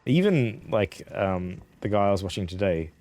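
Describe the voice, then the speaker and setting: A man's voice: on the low side, sing-song, moderate pace, a little mellow. An Australian man chatting casually on a game stream, rambling, chuckling often and swearing offhandedly. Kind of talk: casual live-stream chat.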